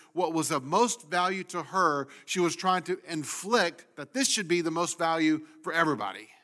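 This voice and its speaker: A man preaching a sermon as pastor, speaking with animated emphasis and sometimes voicing the complaints of people in the story. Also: a little high.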